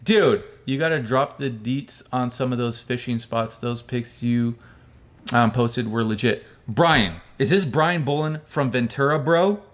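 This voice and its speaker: An American man hosts a livestream, reading viewer chat aloud and answering in a loose, rambling, friendly manner, calling people "bro." His medium-pitched voice is steady and unhurried, and he describes his own speech as hick-like.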